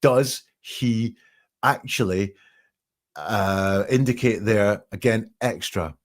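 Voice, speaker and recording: A man's voice: fairly low pitch, takes it slowly. A man hosting a live podcast, reading out quotes and breaking them down in a conversational way. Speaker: podcast host analysing a 911 call.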